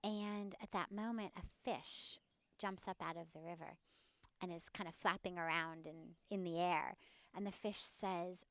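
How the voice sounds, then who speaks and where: A woman's voice: lowish voice, fairly even intonation, a little slow, dry recording. A woman spiritual teacher talking as a podcast guest outdoors, earnest and telling stories. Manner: warm, earnest storyteller. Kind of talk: casual interview talk and storytelling.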